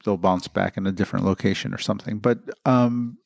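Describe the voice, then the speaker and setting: Gravelly, low-voiced easygoing podcast host. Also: male voice, fairly even intonation, a little mellow, no room sound, clean studio sound. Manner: musing, unhurried and easygoing. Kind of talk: casual chat.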